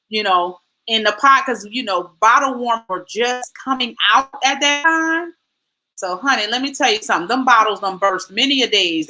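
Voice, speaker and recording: A woman in her forties hosting a casual chat, telling lively stories and acting out quotes. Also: a little high, low-quality recording. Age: 40s. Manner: animated storytelling, acts out quotes. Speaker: host.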